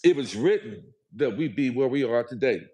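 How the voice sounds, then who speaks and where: A man's voice: mid-range voice, animated, moderate pace, warm tone, slightly rough. A man speaking as a guest on a livestream, talking in a preachy, emphatic, motivational way and repeating his phrases. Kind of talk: motivational live chat.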